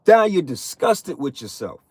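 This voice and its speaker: In a slightly high, husky, somewhat mellow voice with big pitch swings and a slightly slow pace, a man in his thirties preaches to other men. The religious vlogger's profane, blunt street-preaching monologue, recorded dry, often tags sentences with "man."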